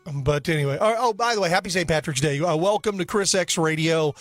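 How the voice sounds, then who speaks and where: A man with a fairly high voice hosts a casual radio show. He rambles and jokes at his own expense while light music plays in the background. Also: quick pace. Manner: joking, rambling, self-mocking. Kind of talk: casual talk radio chat.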